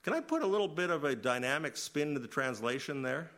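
A man preaching a sermon as pastor, swinging between loud emphasis and quiet asides. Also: fairly high pitch, animated, brisk.

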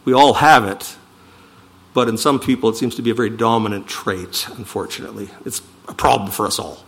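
A man preaching a sermon, reading scripture slowly and with emphasis, then explaining it in quicker asides. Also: fairly low pitch, steady tone, slightly rough. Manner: emphatic, swings from slow declaiming to quick asides. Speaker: pastor.

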